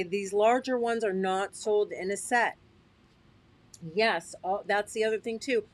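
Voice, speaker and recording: Chatty woman showing craft products. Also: a little high. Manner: chatty and upbeat, checks in with listeners; often laughs at herself. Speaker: host. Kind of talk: casual livestream product demo.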